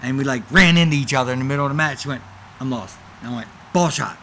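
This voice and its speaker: Animated, bright-voiced man telling wrestling stories. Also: medium pitch, rapid-fire, a little hiss or hum. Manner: animated storyteller who acts out other people's lines. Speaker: guest, former wrestler. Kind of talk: casual storytelling interview.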